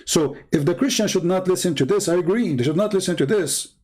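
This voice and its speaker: A man's voice: high voice, fairly quick, darkish tone. A man hosting a livestream, talking in a blunt, combative and repetitive way. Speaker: host. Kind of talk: livestream commentary.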